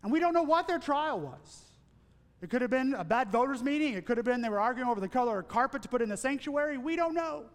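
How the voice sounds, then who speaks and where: Man, pastor, sermon, very high voice, earnest, emphatic lists, hushed asides, long reverberant church. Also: lively intonation, fast talker.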